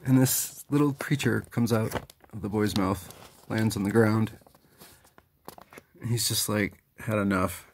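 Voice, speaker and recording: A man's voice: lowish voice, steady tone, a little slow, long pauses, noisy background. A man chatting casually as he reviews comics, reading their dialogue aloud with running remarks.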